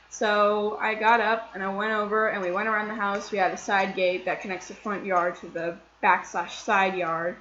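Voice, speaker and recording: A young woman casually telling a story from her life. She talks in an excitable, chatty way and says "like" often. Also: mid-range voice, normal speed, few pauses, reverberant, highs cut off, a little hiss or hum. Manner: chatty, excitable retelling full of "like". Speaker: vlogger.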